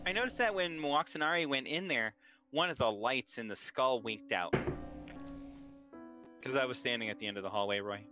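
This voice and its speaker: Bright-voiced man playing a tabletop game. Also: mid-range voice, expressive, brisk, pauses often, soft background music. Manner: reasoning aloud, hesitant. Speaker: player. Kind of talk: casual tabletop game chat.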